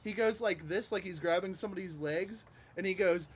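A man telling a story in a casual podcast chat on a porch, animated and profane, often laughing as he talks. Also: sits high, brisk, crowd noise. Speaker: podcast panelist and stand-up comic. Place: home porch, outdoors.

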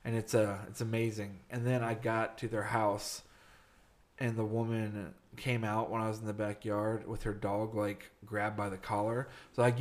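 A man's voice: fairly low pitch, level tone, normal speed. A man co-hosting a casual podcast, telling a work story with frequent laughter. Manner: laughs often while telling stories. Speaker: podcast co-host. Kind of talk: casual chat.

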